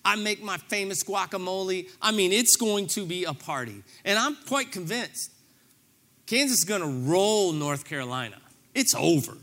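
A man's voice: high-pitched, expressive, normal speed, a bit bright. A middle-aged man preaching a sermon, telling a story with self-deprecating humor and acting out his own reactions. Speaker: pastor.

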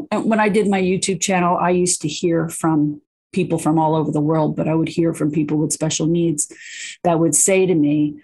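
A middle-aged woman speaks as a guest, her voice sitting a little low for a woman. She tells stories with animation, peppering them with "you know" and quick restarts. Her tone is casual and conversational. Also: steady tone, warm tone, husky. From United States. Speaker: guest, children's book author and parent. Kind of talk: casual interview chat.

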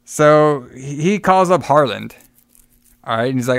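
A man retells a film to a co-host in easy casual chat, slipping into the characters' lines and cursing offhand. His voice is smooth and clear, recorded close and dry. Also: medium pitch, animated, normal speed, dry recording. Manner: swears casually. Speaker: podcast co-host recapping a film.

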